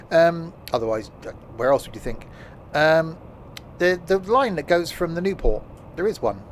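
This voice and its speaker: A man's voice: medium pitch, a little hiss or hum. A man giving casual, jokey gameplay commentary while streaming, rambling and trailing off mid-sentence. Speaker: game streamer.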